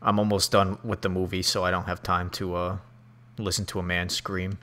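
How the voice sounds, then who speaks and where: A man's voice: low voice, flat delivery, normal speed, sharp tone, a little hiss or hum. A young man playing in a role-play game, talking in a dry, indifferent way. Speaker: player. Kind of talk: casual role-play banter.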